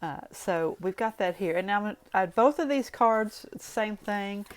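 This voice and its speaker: A woman's voice: medium pitch, expressive, unhurried. A woman with a Southern US accent talking through a card-making craft tutorial in a chatty, folksy way, full of rambling asides.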